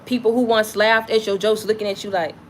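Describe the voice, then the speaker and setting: A woman's voice: mid-range voice, flat delivery, fairly quick, a little hiss or hum. A woman delivering an impassioned spiritual message to her viewers, blunt and profane, repeating lines for emphasis. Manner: preachy, repetitive, blunt and profane. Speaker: spiritual content creator.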